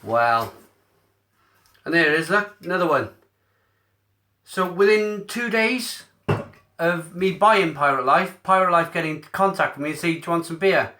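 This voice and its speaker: A man hosts a casual live stream, talking straight into his mobile phone. His voice sits a little high and sounds bright and forceful. He stays chatty and upbeat, answering viewers' comments aloud as he goes. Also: expressive, moderate pace, pauses often. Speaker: beer reviewer streaming live. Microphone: mobile phone camera.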